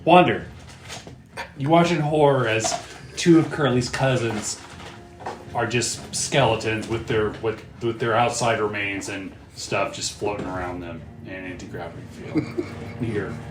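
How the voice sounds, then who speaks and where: A man's voice: on the low side, steady tone, a little slow, noisy background. A man running a tabletop game as game master, describing the scene loosely with lots of fillers and frequent laughs. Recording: echoey room with music behind.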